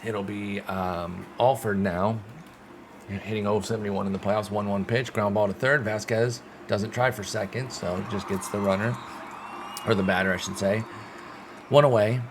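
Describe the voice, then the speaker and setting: Young dude calling his baseball game play by play, lowish voice, goes from grumpy pouting to yelling when stuff happens, cusses, hissy noisy background. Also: moderate pace. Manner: swings between sulky frustration and loud excited outbursts, swears. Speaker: gaming streamer. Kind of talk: live play-by-play commentary of a baseball sim game.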